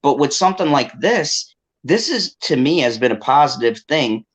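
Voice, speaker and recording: A man's voice: on the high side, very animated, normal speed, slightly rough, poor audio. A man talking at length in a casual online group chat, earnest and thoughtful.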